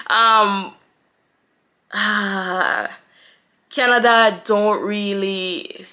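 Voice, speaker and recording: Young Jamaican woman, bright and slightly low voice, casual on-camera Q&A, chatty with frequent laughs. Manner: chatty, laughs often, quick with playful asides. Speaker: vlogger. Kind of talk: casual Q&A vlog.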